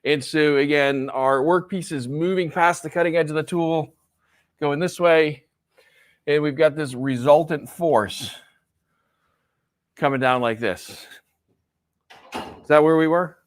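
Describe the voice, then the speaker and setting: A man's voice: fairly high pitch, a little slow, long pauses. Casual male professor lecturing a class. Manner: conversational, checks in with "right?" often. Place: lecture hall.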